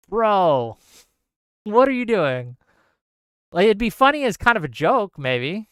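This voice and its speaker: A man hosting his live stream talks straight into a close mic with no room sound. His pitch swoops up and down as he rants and jokes sarcastically. His voice is smooth and clear. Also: measured pace, no room sound. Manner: ranting, animated, sarcastic. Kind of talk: casual live stream chat reading viewer comments.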